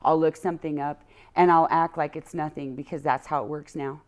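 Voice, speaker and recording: A woman on a podcast, chatting casually and telling lively, playfully exaggerated stories. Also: sits low, a little fast, noisy background. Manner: lively storyteller, exaggerates for fun. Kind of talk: casual chat.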